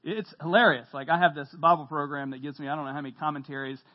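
A man preaching a sermon to a congregation as pastor, telling stories with humor and lively emphasis. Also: on the high side, quick pace, muffled recording. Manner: animated storytelling, jokes with the congregation, shouts when quoting. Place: church hall.

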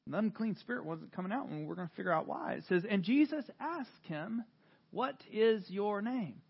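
A man preaching a sermon, retelling scripture with dramatic swings from hushed to loud, animated storytelling. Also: sits high, normal speed, creaky, breathy edge, lo-fi sound. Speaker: pastor.

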